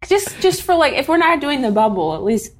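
A woman's voice: sits high, sing-song, brisk. A woman comedian, a guest on a comedy podcast, chatting casually and playfully with the hosts.

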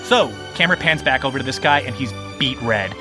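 A man's voice: medium pitch, expressive, a little fast, music in the background. A man narrating as game master in a tabletop game, loose and playful with many fillers.

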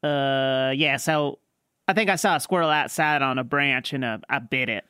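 Женщина играет хвастливого болтливого южанина с южноамериканским акцентом, который медленно и сбивчиво рассказывает байку. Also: female voice, rumbling low, moderate pace, fairly bright tone, clear, resonant tone, no room sound, studio quality. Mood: drawling yarn. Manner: drawling, rambling, full of fillers. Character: boastful rambling Southern man, storyteller. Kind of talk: improvised comedy character.

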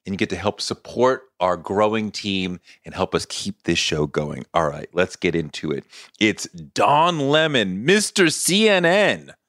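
A man's voice: low-pitched, big pitch swings, unhurried, fairly bright tone, dry recording, studio quality. A man hosting a podcast introduces his guest with earnest enthusiasm, then reads a plug for the show. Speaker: podcast host.

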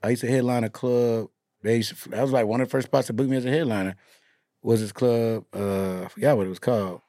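A man hosting a podcast, telling animated, profane stories in casual chat. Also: mid-range voice, fast talker, dry recording, studio quality. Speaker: podcast host and comedian.

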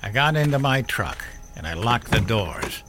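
Man voicing a gruff old veteran, blunt and profane, bright edge, lively pitch, audio drama. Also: moderate pace, soft background music, natural voice. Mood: grim recollection. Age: older. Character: gruff older man, war veteran father.

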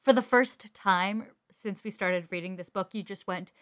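A woman's voice: medium pitch, moderate pace, a bit bright, no echo, clean studio sound. A young woman co-hosting a podcast in casual book chat, enthusiastic and playful. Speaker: podcast co-host.

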